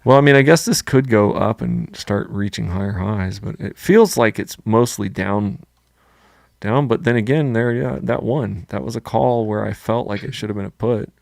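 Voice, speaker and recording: A man's voice: on the low side, normal speed, gravelly, no echo, studio quality. A man chatting casually on a live show, thinking aloud and hesitating, often saying "dude". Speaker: co-host trading live. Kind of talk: casual live-stream chat.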